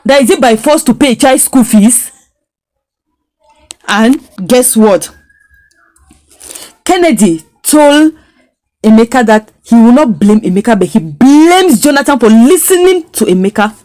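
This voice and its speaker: A woman's voice: high voice, a little mellow. A woman recapping a drama series, emphatic and indignant, hammering her points with repeated phrases. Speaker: series reviewer. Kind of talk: storytelling recap and critique.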